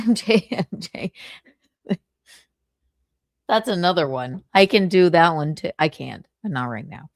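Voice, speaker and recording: Woman streamer, casual chat, lively up-and-down voice, slow delivery, dry close sound. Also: on the low side, no echo. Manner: giggly, trying out voice impressions. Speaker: livestream host.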